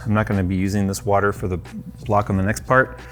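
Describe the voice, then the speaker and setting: A man in his thirties, a tech YouTuber, talks fast in a lowish, level voice while casually demonstrating a hands-on cleaning job at his workshop workbench. He's chatty and loose, tossing out offhand jokes and self-deprecating asides, with faint music playing behind him.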